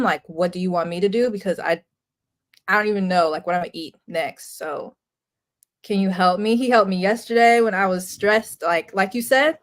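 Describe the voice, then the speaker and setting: A young woman guesting on a casual podcast, talking in a relaxed, conversational way with lots of filler words. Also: fairly low pitch. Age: young adult. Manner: relaxed and conversational, peppers speech with "like".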